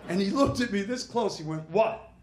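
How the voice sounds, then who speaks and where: A man works a comedy club stage in a high, bright register, throwing out crude, punchy jokes. The room is live and echoey, and crowd noise hangs clearly behind him. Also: lively intonation, brisk. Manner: brash, punchy delivery with crude jokes and character voices. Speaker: stand-up comedian. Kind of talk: stand-up comedy set. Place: comedy club stage before a laughing audience. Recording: roomy live club recording with audience noise.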